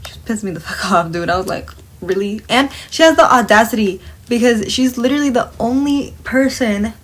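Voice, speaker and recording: At normal speed and in a voice on the high side, a young woman does her makeup while casually telling a work story. She is blunt and indignant, swearing freely and quoting the dialogue as she acts it out.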